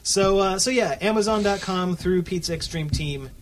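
A man's voice: high-pitched, normal speed, a little hiss or hum. A man co-hosting a casual podcast, laughing often and restarting his sentences. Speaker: podcast co-host.

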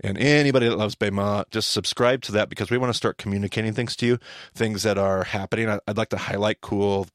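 A man's voice: on the low side, quick pace, no echo, clean studio sound. A man hosting a podcast, teaching in casual chat and acting out the lines he quotes. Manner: animated storyteller, acts out quoted lines.

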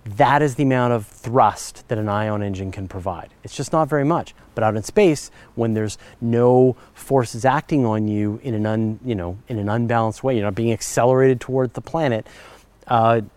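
A man's voice: mid-range voice, moderate pace, darkish tone, no echo. Chatty enthusiastic male podcast host. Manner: chatty and enthusiastic, with frequent fillers and self-corrections. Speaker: podcast host answering listener questions. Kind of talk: casual explanatory chat.

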